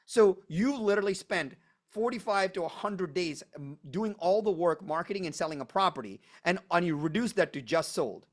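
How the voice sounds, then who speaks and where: A man presenting a live online coaching workshop, emphatic and energetic, driving points home with punchy repetition over a video call. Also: high-pitched, moderate pace.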